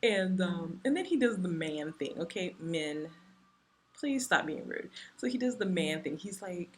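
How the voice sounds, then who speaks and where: A woman with a low-pitched voice tells a personal story to her vlog camera. She talks casually and animatedly, leaning on "you know" and "like" as she goes. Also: measured pace, slight background noise. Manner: chatty, animated retelling full of "you know" and "like". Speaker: vlogger.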